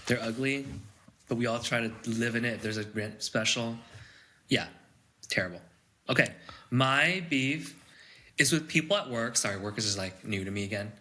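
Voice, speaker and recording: Bright, ranting male podcast co-host. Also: medium pitch, moderate pace, long pauses. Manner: ranting, swears freely. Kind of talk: casual podcast chat.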